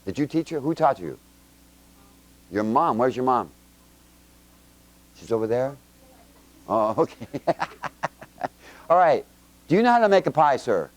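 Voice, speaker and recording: Guy doing a casual bible lesson for a crowd with kids, keeps throwing questions at them, jokey, medium pitch. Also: very animated. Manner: quizzes the audience with quick questions; chatty and joking, with homespun examples. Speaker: Bible teacher. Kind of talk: informal Bible teaching to a congregation with children.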